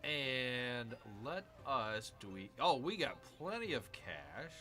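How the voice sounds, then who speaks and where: A man streaming a strategy game, commenting excitedly, reading viewer chat and calling his audience "people". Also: medium pitch, slow, faint music behind. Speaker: gaming streamer.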